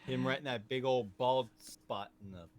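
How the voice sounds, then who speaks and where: A man co-hosting a podcast, talking casually about a movie in a rambling, animated way that often trails off and restarts. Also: mid-range voice, moderate pace. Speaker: podcast co-host.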